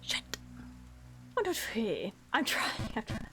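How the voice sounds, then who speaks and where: A woman live-streaming a game, counting her jumps out loud, yelping when she falls and joking with her chat. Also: a little high, big pitch swings, slow pace, background noise. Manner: counts aloud while playing, yelps at failures; self-mocking, playful chatter with chat. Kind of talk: live gameplay commentary. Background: background music.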